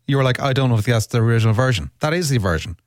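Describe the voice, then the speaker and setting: A man's voice: medium pitch, lively intonation, dry recording, studio quality. A man from Ireland, co-hosting a radio show with playful, joking banter. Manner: playful, quick with jokes. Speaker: radio co-host.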